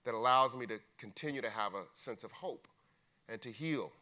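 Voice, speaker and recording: A man quoting a tall, gentle prison inmate who speaks softly and calls him "man" and "bruh". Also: medium pitch, normal speed, lightly acted. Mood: earnest. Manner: soft-spoken, calls the listener "man" and "bruh".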